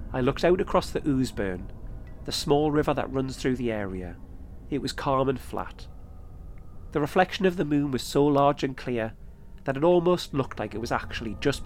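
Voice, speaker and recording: A man narrating his own podcast episode in a calm, measured storytelling manner. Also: medium pitch, a little hiss or hum. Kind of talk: scripted narration.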